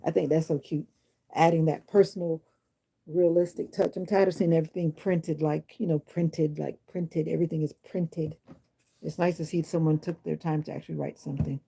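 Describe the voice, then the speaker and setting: Low, gravelly, husky woman live-streaming. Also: steady tone, moderate pace, warm tone. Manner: chatty, answers comments, sassy and blunt. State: unwell. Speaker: livestream host. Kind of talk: casual livestream chat with viewers. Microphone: phone or device mic.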